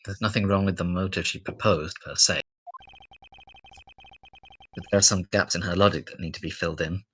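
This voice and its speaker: A woman voicing a cool, formal male prosecutor with measured, deliberate speech while reading game dialogue. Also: extremely low pitch, steady tone, slight background noise, pitched below the performer's own voice. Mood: composed.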